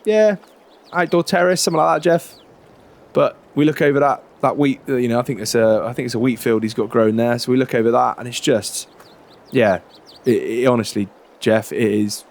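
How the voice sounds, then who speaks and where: A man, chatting in a relaxed, rambling way during a farming game roleplay. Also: mid-range voice, fairly quick. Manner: relaxed, chatty, many fillers and restarts. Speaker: roleplay creator.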